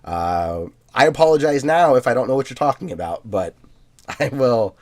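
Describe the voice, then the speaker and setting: Relaxed man chatting on a podcast. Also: medium pitch, moderate pace. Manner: relaxed, filler-heavy, laughs easily. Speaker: podcast co-host. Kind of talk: casual chat, reading listener emails.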